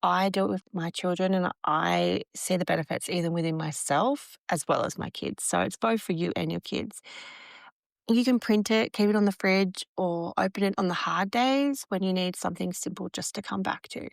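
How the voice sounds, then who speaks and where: A woman, hosting a podcast, gently guiding a breathing exercise and talking candidly about parenting. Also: lowish voice, normal speed, gravelly, no room sound, studio quality. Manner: gentle, soothing and candid, with frequent restarts. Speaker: podcast host. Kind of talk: guided breathing and reflective parenting talk.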